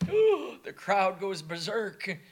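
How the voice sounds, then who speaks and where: A man preaching a sermon, emphatic and animated, moving between soft asides and loud, shouted declarations. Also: sits high, takes it slowly.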